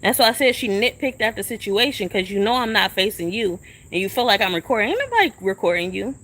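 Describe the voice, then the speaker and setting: A young woman with a medium-pitched, slightly bright voice rants fast on a phone live stream outside a shelter. Her pitch swings a lot, and she is profane and confrontational, firing the same questions over and over.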